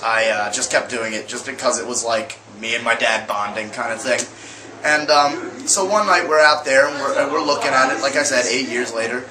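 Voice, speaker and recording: Young guy rambling to his webcam, lots of ums, echoey room with faint background hum. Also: medium pitch. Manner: rambling, many fillers and restarts. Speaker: vlogger. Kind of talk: casual storytelling to camera.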